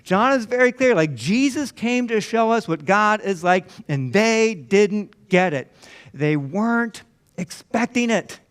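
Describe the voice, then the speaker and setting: High-voiced man preaching conversationally. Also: expressive, unhurried, a bit bright, clean tone. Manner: conversational storytelling, acting out disciples' lines. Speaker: pastor. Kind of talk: sermon. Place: church.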